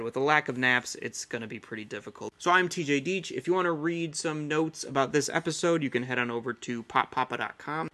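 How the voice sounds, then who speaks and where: A man's voice: medium pitch, pushed and bright. A man in his thirties hosting a casual solo podcast, rambling and chatty with lots of fillers. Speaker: podcast host.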